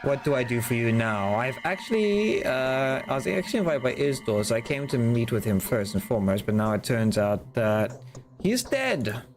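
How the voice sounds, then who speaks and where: A man's voice: medium pitch, big pitch swings, moderate pace. A man streaming a game, reading its dialogue aloud and rambling casually with jokes and swearing between lines. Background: game music.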